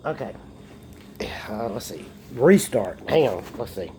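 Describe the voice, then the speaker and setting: A man's voice: mid-range voice, sing-song, unhurried, a little mellow, a little hiss or hum. Tipsy rambling man. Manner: rambling, jokey, swears often. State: tipsy from beer. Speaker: vlogger. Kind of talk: casual rambling monologue. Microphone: phone.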